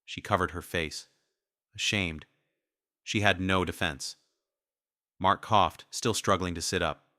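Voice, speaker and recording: A man's voice: sits low, fairly even intonation, slow pace, pauses often, bright, forceful tone, dry recording, studio quality. A man narrating a first-person revenge story in a cold, menacing manner.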